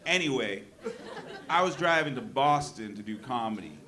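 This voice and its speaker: Man, stand-up comic, deadpan one-liners, loud jabs at the crowd, live club, laughing audience. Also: mid-range voice, moderate pace. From New Hampshire. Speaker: stand-up comedian. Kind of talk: stand-up set. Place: comedy club stage. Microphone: handheld stage mic.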